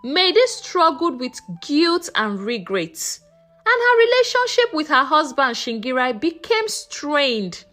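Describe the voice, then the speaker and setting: A woman narrating a folktale in a slow, expressive storytelling manner. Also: high voice, faint music behind.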